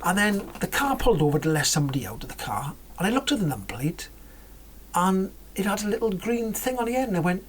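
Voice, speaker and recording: Speaking fast in a mid-range, sing-song voice, a woman vlogs casually about cars, with a little hiss or hum in the recording. She rambles on, correcting herself often and breaking into whispered asides.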